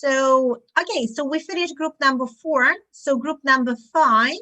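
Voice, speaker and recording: Slow, demonstrative woman teaching phonics. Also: high voice, pushed and bright, poor audio. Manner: slow, demonstrative, acts out sounds. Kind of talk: online teaching webinar. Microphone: video call.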